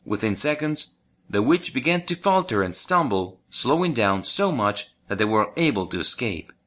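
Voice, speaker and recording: A man narrating a children's folk tale audiobook in an expressive storytelling manner. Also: medium pitch, normal speed.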